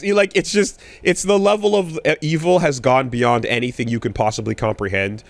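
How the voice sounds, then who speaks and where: A man in his thirties co-hosting a podcast in casual chat, rambling with many fillers and restarts, getting animated when riled. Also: medium pitch, a little fast, hardly any pauses, dry recording. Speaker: podcast co-host.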